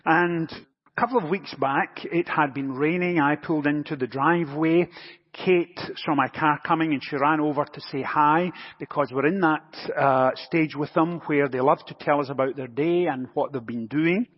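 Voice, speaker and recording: Pastor, male, a touch high in pitch, husky, in a dull recording with a long church echo. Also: normal speed. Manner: anecdotal, gently humorous storytelling. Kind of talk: sermon.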